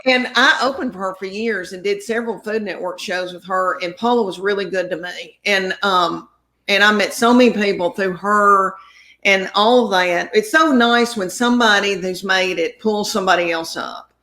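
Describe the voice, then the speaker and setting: A woman's voice: medium pitch, normal speed, sharp tone. Chatty middle-aged woman telling stories. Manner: chatty, rambling anecdotes. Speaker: comedian guest. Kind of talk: casual storytelling.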